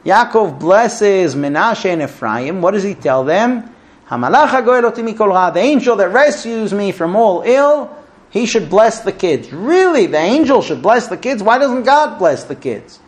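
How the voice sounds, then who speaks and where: A man with a fairly high voice leads a Talmud class, telling stories and working through questions. His delivery is animated, with big swings of intonation and casual restarts and fillers. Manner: animated, storytelling with vivid intonation. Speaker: Torah teacher.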